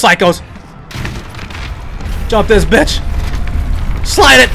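A man playing a horror game on video, commenting excitedly, yelling and swearing at the scares and talking to his viewers. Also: very high voice, unhurried, gravelly, long pauses, soft background music. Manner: loud exclamations and swearing, laughs often; addresses viewers as psychos. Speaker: let's play gamer.

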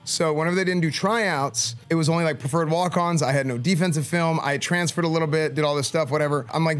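A man, a streamer, telling a story in casual talk, animated and full of filler words. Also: fairly high pitch, quick pace, hardly any pauses, faint music behind. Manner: animated, lots of filler "like", acts out quoted speech.

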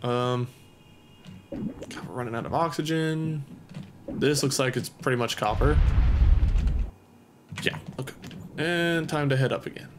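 Over game music, a young man does goofy, self-mocking let's play commentary, talking to himself and to the game's creatures. His voice is mid-range at a moderate pace, and the background is noisy.

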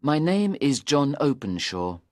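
A man's voice: mid-range voice, big pitch swings, measured pace, dry recording, clean studio sound. A man voicing a nervous young man in his twenties in storybook dialogue for English learners, earnest and pleading. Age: 20s. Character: nervous, pale young man seeking help.

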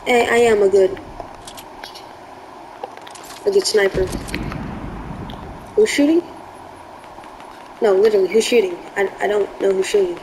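A woman's voice: medium pitch, unhurried, pauses often, darkish tone, slight background noise, rough recording. A woman giving live gameplay commentary, jumpy and easily spooked, yelping in panic. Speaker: gaming video creator.

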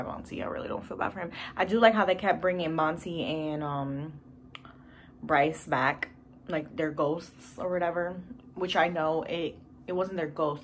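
A woman's voice: deep voice, moderate pace, a little hiss or hum. A woman vlogging casually at home, reviewing a TV series in a gushing, emotional, rambling way with sighs and fillers. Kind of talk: casual chat. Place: home room with TV behind camera.

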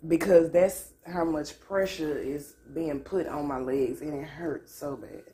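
Low, slow-talking woman in pain. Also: mellow. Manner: candid, loose, profane, drawling. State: in pain, near tears. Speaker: vlogger. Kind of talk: casual vlog talk to camera. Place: at home on a couch.

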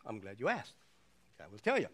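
An older man preaching a sermon, with a rhythmic, repetitive cadence that swings from slow, hushed emphasis to excited shouting. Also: fairly low pitch.

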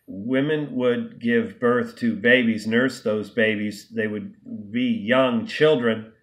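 A man's voice: mid-range voice, steady tone, slow. A man vlogging an unscripted monologue, emphatic and indignant, often restarting and stumbling over words. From United States.

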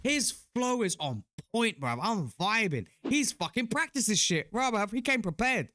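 A young British man hosting a reaction video, talking in excited casual commentary full of slang and cheers. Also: sits high, normal speed, no echo. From United Kingdom.

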